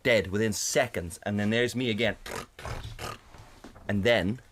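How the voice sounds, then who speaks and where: A man co-hosting a podcast, telling a story in casual chat on a condenser studio mic, animated and swearing often, mimicking his partner in a raised voice. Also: lowish voice, a little slow, slight background noise. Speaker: podcast co-host.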